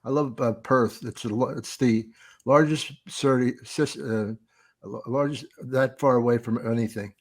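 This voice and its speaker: A male comedian hosting a podcast, chatting casually in a rambling, halting, profane way. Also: medium pitch, fairly even intonation.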